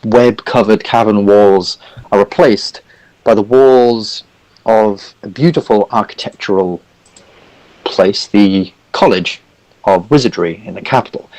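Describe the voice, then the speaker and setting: A man's voice: lowish voice, unhurried, a little mellow, rough recording. A man narrating a tabletop game as dungeon master, rambling and full of "sort of"s. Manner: rambling, many fillers like "sort of".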